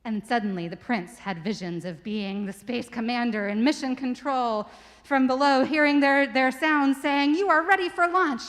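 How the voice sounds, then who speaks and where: A woman in a church telling a children's story to the congregation, lively and stopping to ask listeners questions. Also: a little high, moderate pace, in a large hall. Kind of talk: story for all ages told aloud to a congregation. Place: church sanctuary.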